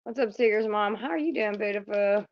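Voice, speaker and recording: A woman's voice: medium pitch, a little fast, dull audio. A woman hosting a casual livestream, chatting bluntly and with plenty of profanity to her viewers. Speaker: livestream host.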